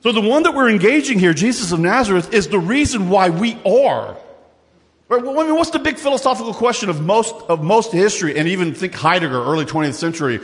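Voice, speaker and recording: Animated male preacher in a reverberant hall. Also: sits high, fast. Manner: animated, conversational preaching with asides and repetitions. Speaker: pastor. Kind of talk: sermon.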